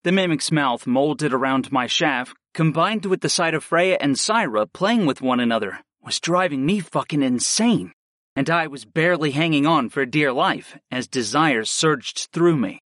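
A man reading a first-person story aloud in a steady, measured narration style. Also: on the high side, no echo, clean studio sound. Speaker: audiobook narrator.

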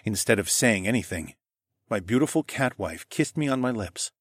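A man narrating a first-person fantasy romance audiobook in an expressive storytelling manner. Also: on the low side, normal speed, no echo, studio quality.

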